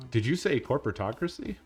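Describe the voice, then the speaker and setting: A man's voice: mid-range voice, a little mellow. A man streaming a game, chatting casually, laughing often, swearing and rambling. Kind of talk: casual gameplay stream chat.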